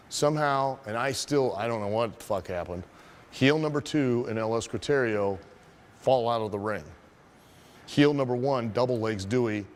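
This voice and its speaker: A man who is a wrestling trainer telling a story as a lesson, profane and animated, asking his listeners rhetorical questions. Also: mid-range voice, slight background noise.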